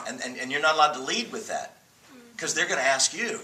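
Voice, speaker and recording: A man's voice: medium pitch, animated, brisk, sharp tone, distant mic. A man teaching a church class, an emphatic and joking storyteller who leads the group in call-and-response. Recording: roomy room mic from afar, faint noise.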